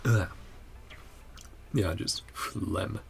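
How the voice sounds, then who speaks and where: A man hosting a game reaction video, talking in low, rambling, emotional asides with sighs. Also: drawn-out words, vocal fry, soft background music. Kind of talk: casual game reaction commentary.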